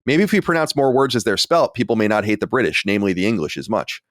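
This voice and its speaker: With a lowish, somewhat bright voice and a sing-song lilt, a fast-talking man hosts a podcast from his home studio. He's in his late thirties or forties and chats in a relaxed, self-deprecating way; the audio is clean with no echo.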